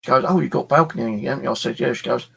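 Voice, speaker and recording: A middle-aged man hosting his channel, telling an animated story from his flat with some swearing and acted-out exchanges. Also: mid-range voice, racing, creaky, husky. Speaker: channel host. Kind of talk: casual storytelling chat.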